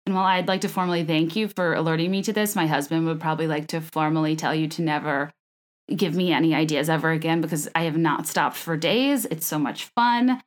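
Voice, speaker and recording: A woman's voice: low voice, a little fast. A woman hosting a podcast, talking in a chatty, gossipy way with a wry, sarcastic edge. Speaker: podcast host. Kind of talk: casual chat.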